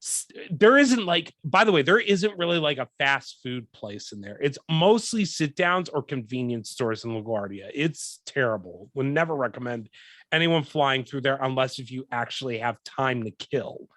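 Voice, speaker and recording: A young man hosting a podcast, telling a profane story in a casual, animated way and acting out what people said. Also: mid-range voice, moderate pace, no room sound, clean studio sound. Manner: profane, animated, acts out quoted lines. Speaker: podcast host.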